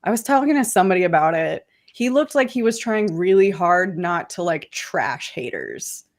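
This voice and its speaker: A woman co-hosting a podcast, chatting eagerly and quickly, with lots of "like". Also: lowish voice, very animated. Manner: eager, quick fan chatter with many likes. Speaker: podcast co-host. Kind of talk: casual chat.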